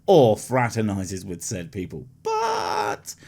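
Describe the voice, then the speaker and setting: A man's voice: on the low side, wildly swooping pitch, takes it slowly, creaky, darkish tone. A man giving sarcastic, mocking comedy commentary over a video.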